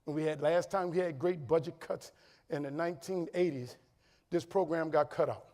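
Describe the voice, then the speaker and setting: Energetic New man, hall echo. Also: on the high side, moderate pace. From New Orleans, USA. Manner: lively storytelling, humorous, builds to loud punchlines. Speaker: keynote speaker. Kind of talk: motivational conference speech. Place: large conference hall. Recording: long reverb of a conference hall.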